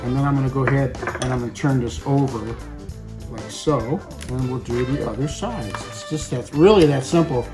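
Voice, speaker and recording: A man's voice: mid-range voice, normal speed. Man, cooking show host, casual and talkative, talks to the viewer, Italian food words, guitar music behind.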